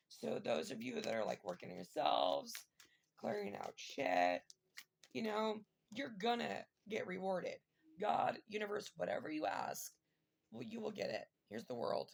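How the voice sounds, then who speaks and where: A woman's voice: mid-range voice, wildly swooping pitch, normal speed, gravelly, a little hiss or hum. A woman giving a casual tarot reading to her viewers, emotional and rambling with many fillers. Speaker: tarot reader.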